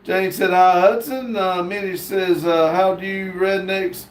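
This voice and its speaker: A man's voice: sits high, steady tone, a little slow, slight background noise. A man hosting a live stream, reading viewer comments aloud and stopping often on fillers. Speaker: livestream host. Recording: echoey room.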